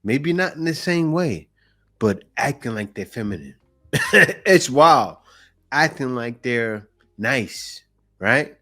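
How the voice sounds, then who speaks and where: A man's voice: mid-range voice, expressive, takes it slowly, pushed and bright. A man hosting a reaction channel, commenting casually and speaking directly to his viewers.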